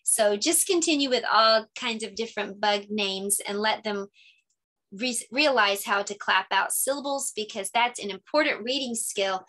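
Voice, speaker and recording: A woman teacher casually walks through her lesson ideas, explaining in a chatty way and sounding out words slowly when demonstrating them. Her mid-range voice comes across pushed and bright.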